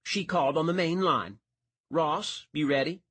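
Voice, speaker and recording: A male narrator voicing a brisk, teasing woman who works the desk at a sheriff's office. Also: sits low, slightly rough, dry recording, pitched above the performer's own voice, full character voice. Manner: teasing, sharp-tongued.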